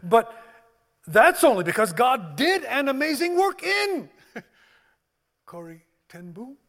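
A man preaching and leading communion, swinging from loud emphasis to hushed, near-whispered words. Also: very high voice, big pitch swings, slow pace. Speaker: pastor. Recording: long hall reverb.

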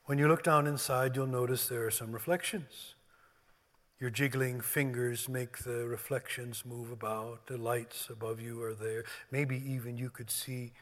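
A man preaching and leading communion, swinging from loud emphasis to hushed, near-whispered words. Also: mid-range voice. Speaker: pastor. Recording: long hall reverb.

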